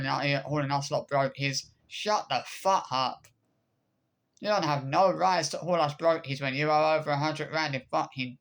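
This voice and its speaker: A man's voice: a little high, creaky, fairly bright tone. A man in an angry, swearing vlog rant, repeating himself with frequent hesitant restarts. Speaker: vlogger.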